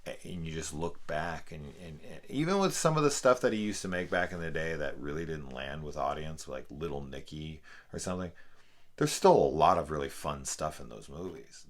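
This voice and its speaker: A man reviewing a film in a casual, profane, exasperated rant. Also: rumbling low. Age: adult parent. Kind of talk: casual spoken movie review.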